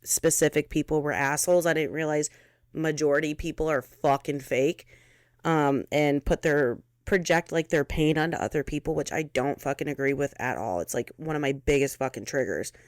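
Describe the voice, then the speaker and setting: A woman's voice: sits low, no room sound, studio quality. A young woman hosting her own podcast, talking candidly in a blunt, fiery, heavily profane way. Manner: fiery, emphatic. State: close to tears. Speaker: podcast host. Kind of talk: candid monologue.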